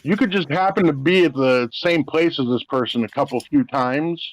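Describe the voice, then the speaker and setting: A man's voice: fairly high pitch, normal speed, rough recording. A man co-hosting a podcast, chatting crudely, swearing and calling the other host "dude". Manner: profane, says "dude" a lot. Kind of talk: crude casual chat.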